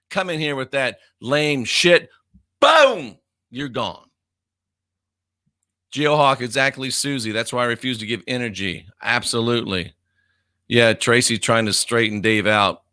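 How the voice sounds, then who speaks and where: A man's voice: mid-range voice, a little slow, pushed and bright, no room sound, clean studio sound. Blunt, profane man in his fifties. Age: 50s. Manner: blunt and profane, reads comments aloud and laughs often. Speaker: livestream host reading viewer comments. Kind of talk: casual live chat.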